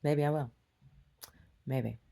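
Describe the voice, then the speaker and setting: A woman's voice: very deep voice, steady tone, slow, creaky, warm tone. A woman vlogger rambling to herself in a casual video diary.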